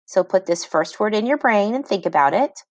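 A woman reading teacher giving a phonics lesson to children, sounding words out slowly syllable by syllable and praising each try. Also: medium pitch, expressive, darkish tone, dry recording.

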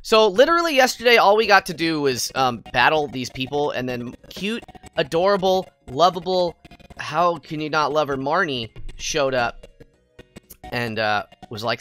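A woman livestreaming a game, chatting with viewers in a bubbly, goofy way, jumping between squeals and quiet mutters. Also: low voice, expressive, unhurried. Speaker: VTuber game streamer. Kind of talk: casual livestream chat with viewers. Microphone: headset mic. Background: faint game music.

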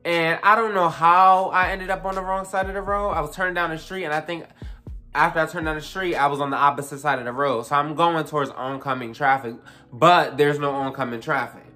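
A young adult vlogger telling a casual storytime, animated and profane, full of fillers and asides to the viewers. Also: mid-range voice, brisk, faint music behind.

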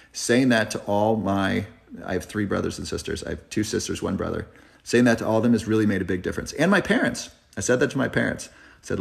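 A man in his thirties with a gravelly, creaky voice answers viewer questions live. He speaks earnestly and reflectively, pausing to think, in a lowish register. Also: lively intonation. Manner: earnest, reflective, tearing up at times. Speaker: health channel host. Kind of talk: live Q&A chat. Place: driving, in a car.

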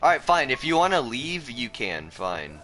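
A man's voice: medium pitch, sing-song, normal speed, fairly bright tone, faint music behind. A man, teasing friends with slang and frequent laughter in casual gaming banter. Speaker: gamer.

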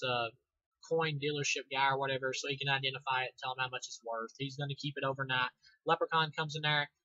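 A man's voice: fairly high pitch, pushed and bright, dry recording. A young man giving a rambling, sarcastic, profane casual movie review on a dull lo-fi recording.

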